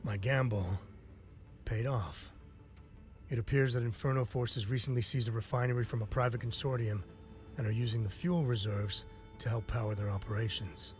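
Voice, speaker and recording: An actor playing a calm male intelligence commander giving a formal briefing in a game. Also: mid-range voice, natural voice. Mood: serious. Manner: measured, formal briefing delivery. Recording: game audio with faint music.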